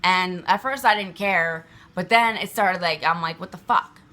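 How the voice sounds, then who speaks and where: A woman's voice: on the low side, unhurried, bright, forceful tone. A woman venting to the camera in a rambling, emphatic way, swearing often and filling her talk with fillers. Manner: agitated, emphatic. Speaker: vlogger.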